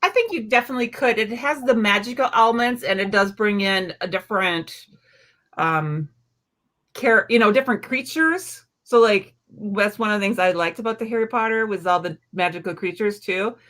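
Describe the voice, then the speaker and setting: A woman librarian guest in a casual chat, easygoing and quick to laugh. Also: mid-range voice, a bit bright.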